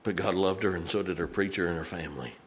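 A middle-aged man preaching a storytelling sermon in a church, folksy, swinging from loud to hushed. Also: low voice, fast, a little hiss or hum. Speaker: pastor. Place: church sanctuary.

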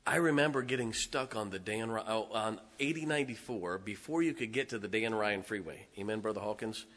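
A middle-aged pastor with a lowish voice preaches a little fast, sharing amusing personal stories in a folksy manner. He shifts back and forth between quiet asides and loud, emphatic statements.

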